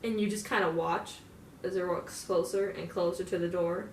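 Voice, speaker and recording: A woman's voice: fairly low pitch, fairly even intonation, moderate pace, a little hiss or hum. A young woman in a casual, profane in-character monologue, rambling with lots of filler words. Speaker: fan roleplayer. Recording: roomy, distant mic, faint ambience.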